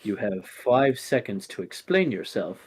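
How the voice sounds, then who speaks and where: A man voicing a sardonic male boss who threatens slowly in a low voice in a tabletop game. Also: very animated, breathy edge, exaggerated voice. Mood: menacing. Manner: slow, low, mock-threatening. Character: menacing male scythe-wielding boss, sardonic.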